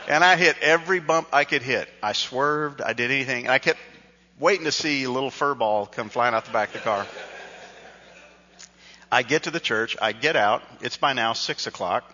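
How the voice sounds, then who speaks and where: Bright-voiced pastor, echoing hall. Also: male voice, mid-range voice, moderate pace. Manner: conversational storytelling, self-deprecating. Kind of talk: sermon with personal story. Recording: dull sound with long hall reverb.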